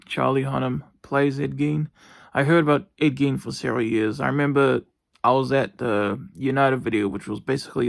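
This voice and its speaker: Gravelly rambling New man. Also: mid-range voice, no echo, studio quality. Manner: rambling, halting, lots of fillers and restarts. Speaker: vlogger. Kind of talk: casual TV review monologue. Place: bedroom.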